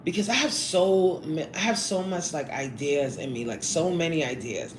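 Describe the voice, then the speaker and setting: A woman in her forties with a low voice chats playfully on a live stream at a normal pace, reading out names from the chat and eating as she talks. The room sounds roomy and echoey, with faint noise.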